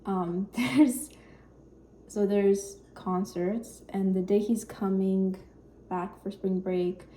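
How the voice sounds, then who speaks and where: Soft-spoken, mellow young woman rambling. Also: mid-range voice, steady tone, slow, a little hiss or hum. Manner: quiet, shy, rambling with many fillers. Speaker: vlogger. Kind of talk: casual cooking vlog chat. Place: home kitchen.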